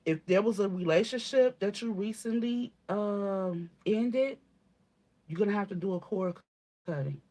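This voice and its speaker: A woman with a medium-pitched, mellow voice speaks a little slowly as she gives her viewers a channeled spiritual reading. She's casual and blunt, swearing, calling listeners "baby," and emphatically repeating herself while often asking "okay?"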